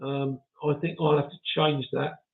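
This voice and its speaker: A man's voice: a little high, little pitch movement, normal speed, vocal fry, a little hiss or hum. A man hosting a live stream, reading viewer comments aloud in a chatty, self-mocking way and chuckling often. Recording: tinny phone-like audio.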